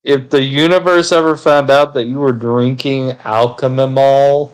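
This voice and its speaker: A man's voice: medium pitch, fairly even intonation, a little slow, low-quality recording. A man chatting casually with friends while gaming, rambling and teasing with casual swearing. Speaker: gaming video co-host.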